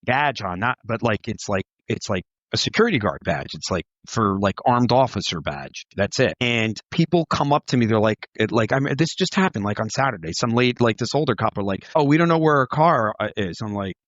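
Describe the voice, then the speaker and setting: A man's voice: fairly low pitch, lively intonation, fairly quick, few pauses, a bit bright, no echo. A middle-aged man, a retired police officer, rambling through casual podcast chat, profane and full of "like". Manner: rambling, profane, heavy use of "like". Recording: dull, dry podcast audio.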